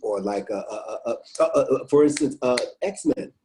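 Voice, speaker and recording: A man with a mellow, warm voice chats in a relaxed interview. He tells his stories with animated swings, acting out his own thoughts in quotes and tripping over fillers. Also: medium pitch, moderate pace, slight background noise, poor audio. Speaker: guest author. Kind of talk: casual interview chat.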